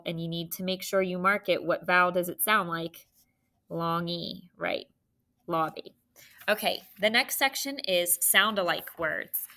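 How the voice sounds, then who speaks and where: Slow, bright-voiced phonics teacher woman. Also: fairly low pitch. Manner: slow, patient, drawn-out letter spelling. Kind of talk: phonics spelling lesson.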